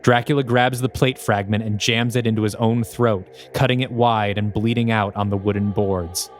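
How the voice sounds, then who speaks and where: A man co-hosting a podcast, reading aloud a screenplay he wrote in steady, descriptive narration. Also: on the low side, moderate pace, faint music behind. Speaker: podcast co-host.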